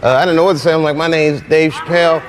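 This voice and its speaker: A man on a talk show telling an anecdote in an animated way, playing out both sides of the dialogue. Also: on the high side, fast talker. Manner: animated storyteller who plays out dialogue. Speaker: comedian guest.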